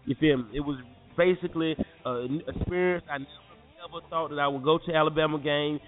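A young man from North Carolina, animated and slangy, telling a story to listeners as a podcast host. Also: on the high side, fast. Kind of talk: casual storytelling. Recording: phone-like lo-fi audio with faint music.

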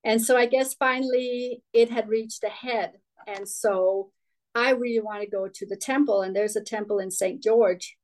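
A woman's voice: on the high side, fairly even intonation, moderate pace, rough recording. A middle-aged woman from Denmark, a guest telling her life story in an interview, candid and rambling with restarts. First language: Danish.

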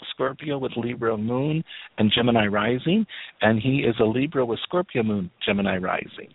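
A man's voice: medium pitch, lively intonation, normal speed, creaky, slightly rough, dry recording. A man in his fifties telling family stories in a rambling, casual way on a radio call, full of restarts and laughs. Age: 50s. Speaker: psychic radio guest. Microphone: phone line. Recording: tinny phone line, dry.

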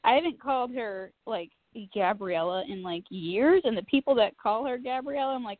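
A woman telling a story in casual chat, animated and self-mocking, swearing freely. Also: a little high, normal speed, no echo. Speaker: podcast co-host. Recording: tinny phone-like line.

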